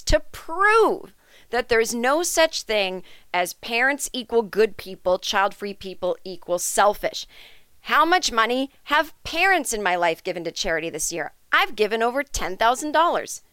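A woman's voice: a little high, bright, forceful tone, clean tone, dry recording, studio quality. A woman hosting a comedic podcast, ranting in a sarcastic, indignant and profane way. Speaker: podcast host. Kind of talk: comedic rant monologue.

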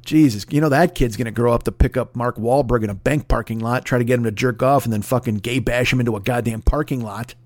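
A man's voice: medium pitch, quick pace, few pauses, darkish tone. A man hosting a podcast, delivering a profane, digressive comedic rant. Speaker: podcast host.

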